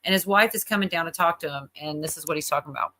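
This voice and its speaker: A woman's voice: deep voice, racing, bright, forceful tone, a little hiss or hum. A woman hosting a livestream, chatting casually and rambling with lots of fillers while she reacts to a video. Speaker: livestream host.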